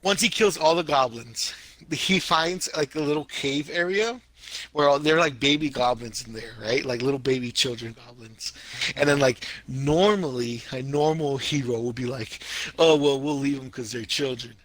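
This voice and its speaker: A man co-hosting a podcast in casual chat, telling stories in an animated way with sound effects and slang. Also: mid-range voice, normal speed. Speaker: podcast co-host.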